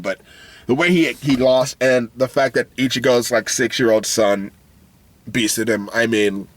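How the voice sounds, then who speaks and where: A man's voice: medium pitch, a bit bright, no room sound. A man ranting in a vlog, heated and profane, frustrated and often laughing. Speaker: anime video creator.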